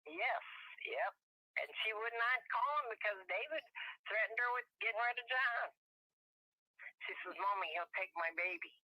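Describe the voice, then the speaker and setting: A woman's voice: medium pitch, sharp tone, no echo, poor audio. An older woman, a mother telling her story in an interview in a rambling, emphatic way. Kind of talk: casual interview talk.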